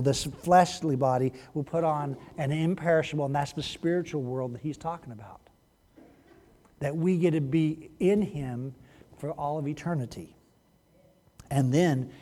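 A male pastor preaching a sermon to his congregation, animated and direct, swinging between loud emphasis and hushed lows. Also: moderate pace. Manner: demonstrative, talks to the congregation directly. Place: church sanctuary. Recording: long reverb of a large church hall.

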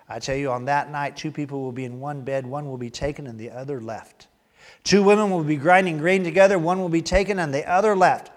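A man pastor preaching a sermon, reading Scripture and acting out the people in it, swinging from loud outbursts to quiet asides. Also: on the high side, fairly quick, in a large hall. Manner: animated, acts out voices, swings from loud to quiet.

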